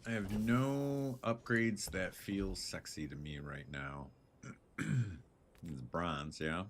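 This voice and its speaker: A man streaming a video game live, thinking out loud in a laid-back, jokey way. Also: low-pitched, fairly even intonation, takes it slowly, slight background noise. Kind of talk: casual live gameplay commentary.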